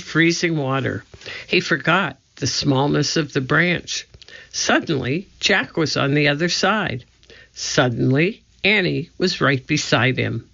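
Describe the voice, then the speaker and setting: A narrator giving an expressive, measured reading of a children's storybook. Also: medium pitch, creaky. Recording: dull lo-fi recording.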